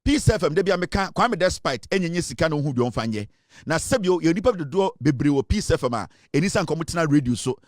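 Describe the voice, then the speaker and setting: A man with a Ghanaian accent hosting political commentary, forceful and emphatic, switching between English and Twi. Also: on the high side, lively intonation, fast talker, dry recording, studio quality.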